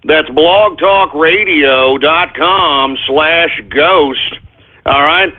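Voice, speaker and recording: A man with a high-pitched voice hosts a comic talk radio show over a thin, phone-like line. He rambles to his listeners and keeps snapping, exasperated, at people and pets off the air. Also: drawn-out words. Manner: exasperated, scolding asides to an unseen crew and a dog. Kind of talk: comedic talk radio monologue. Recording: phone-like narrow-band audio.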